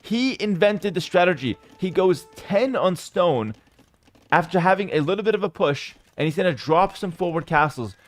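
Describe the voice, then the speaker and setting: A man streaming live esports commentary, talking straight to his chat, firing off quick play-by-play and breaking into excited outbursts. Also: sits high, no echo, faint music behind. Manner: chats to viewers as "guys". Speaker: streamer casting a game.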